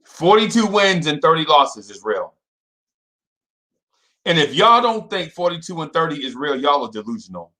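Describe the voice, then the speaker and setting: A young man hosting a casual fan livestream, repeating himself and shouting out viewers by name. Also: on the high side, very animated, moderate pace.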